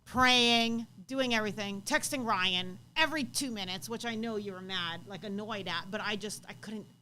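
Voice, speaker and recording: A woman's voice: mid-range voice, moderate pace, sharp tone, slight background noise, low-quality recording. A woman co-hosting a live show, earnestly telling her side of a story and backing up her co-host. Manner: earnest, adds details and backs up the co-host.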